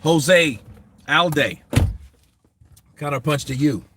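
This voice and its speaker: A man hosting a boxing talk show, answering viewers in a casual, animated, profane way, and laughing often. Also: on the high side, slow pace, background noise.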